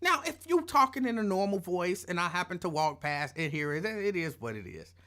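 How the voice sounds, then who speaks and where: A man's voice: sits high, a little fast. A man hosting his own live show, chatting casually in a rambling, playful, colloquial way and repeating phrases for emphasis. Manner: animated, rambling,喜 playful storytelling. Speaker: show host. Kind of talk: casual live-stream rant.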